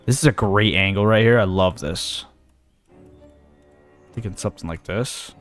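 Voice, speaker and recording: A man's voice: lowish voice, normal speed, fairly bright tone, soft background music. A young man giving casual let's-play commentary, thinking aloud and talking himself in and out of ideas as he goes. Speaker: gaming video host.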